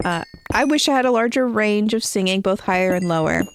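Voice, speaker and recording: A woman's voice: medium pitch, expressive, a little fast, slight background noise. A woman streaming a game from home, chatting casually and rambling as she answers her chat.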